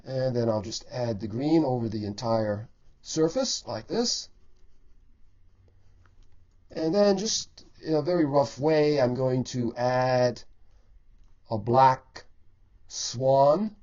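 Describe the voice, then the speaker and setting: Male art teacher demonstrating painting, measured and explanatory, middle pitch, slightly dull lo-fi recording. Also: mellow. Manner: measured, explanatory, stretches key words for emphasis. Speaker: painting instructor. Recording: dull lo-fi voice-over.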